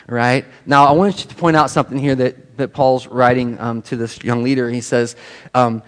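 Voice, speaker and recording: A man's voice: mid-range voice, steady tone, normal speed. A man preaching a sermon as pastor, talking in a conversational, self-deprecating way with many rhetorical questions.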